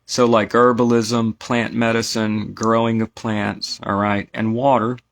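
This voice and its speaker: A man's voice: on the low side, level tone, measured pace, vocal fry. An American man teaching esoteric lore in a casual spoken lecture, rambling with many asides and asking "right?" to his listeners.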